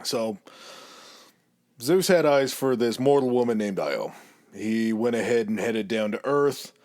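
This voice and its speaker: A man's voice: medium pitch, a little slow, darkish tone. Crude, jokey male podcast storyteller. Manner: crude, jokey, laughs often. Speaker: podcast co-host. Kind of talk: casual comedic storytelling.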